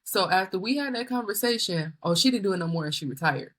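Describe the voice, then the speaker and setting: Lively woman host in her thirties. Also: mid-range voice, quick pace. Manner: lively, exasperated storytelling with quoted retorts. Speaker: podcast host. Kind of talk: casual chat.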